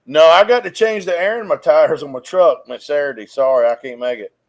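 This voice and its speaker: A middle-aged man trading crude, deadpan jokes as co-host in a casual podcast chat. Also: fairly high pitch, brisk.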